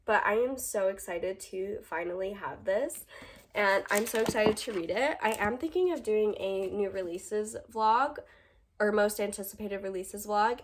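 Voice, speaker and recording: A young woman, a teacher, chatting casually about her book haul in a gushing, chatty way with lots of ums and likes, at home under a ring light. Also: medium pitch.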